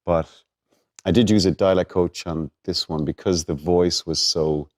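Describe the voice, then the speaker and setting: A man's voice: low-pitched, fairly even intonation, a little slow. A man in his forties with an Irish accent, talking casually and hesitantly with another actor, often repeating words. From Ireland. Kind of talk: casual conversation between actors.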